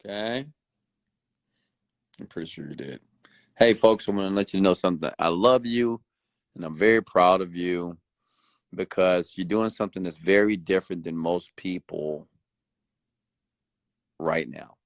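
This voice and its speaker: A man delivering a late-night motivational rant, preachy and repetitive, now and then jumping high to mimic other people. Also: unhurried, long pauses, dry recording. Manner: animated, mimics other people with sudden high-pitched outbursts; preachy, repeats phrases for emphasis. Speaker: motivational host. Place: Houston.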